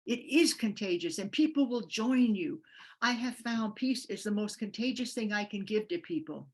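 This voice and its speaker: Older woman, guest speaker, motivational speech, passionate storyteller, acts out quotes. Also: mid-range voice.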